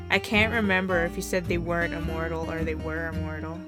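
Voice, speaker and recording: A woman's voice: sits low, little pitch movement, a little fast, hardly any pauses, loud music behind the voice. A woman playing through a story game, reading its text aloud and breaking off into chatty, self-mocking reactions. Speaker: let's play host.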